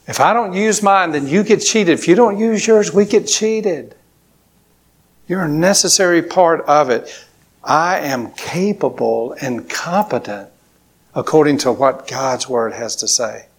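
A man's voice: on the high side, measured pace, slightly rough. A man preaching a sermon to a congregation, emphatic, with repetitions and call-and-response. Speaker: pastor.

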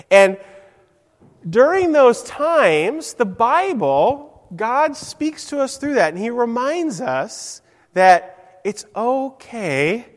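High-voiced male preacher in a reverberant hall. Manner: simple, warm storytelling with questions to listeners. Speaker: preacher giving a children's message. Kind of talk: sermon.

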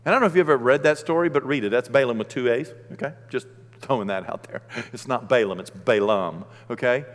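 A man preaching a sermon, animated, swinging between loud outbursts and hushed, gentle talk. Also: medium pitch, quick pace, in a large hall.

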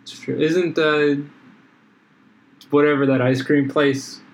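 A man's voice: a little high, fairly even intonation, slow, rough recording. A man chatting casually, joking around and laughing often. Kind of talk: casual chat.

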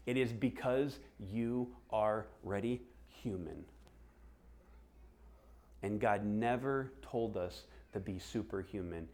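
A man's voice: lowish voice, takes it slowly. A middle-aged man preaching a sermon, telling stories and acting out the voices of people he quotes. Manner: animated storytelling, acts out quoted voices. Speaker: pastor.

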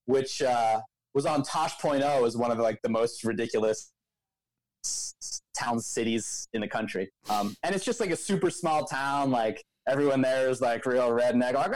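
A young man from the Philadelphia area, co-founder of a local news outlet and a co-host, tells a long, rambling story in casual podcast chat, full of "like" and "um". His medium-pitched voice comes at normal speed in a rough recording with no room sound.

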